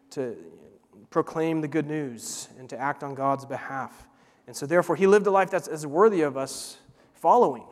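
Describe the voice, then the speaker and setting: A man preaching a sermon, earnest and emphatic, slowing down to repeat words for weight. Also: on the high side. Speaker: pastor. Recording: long hall reverb.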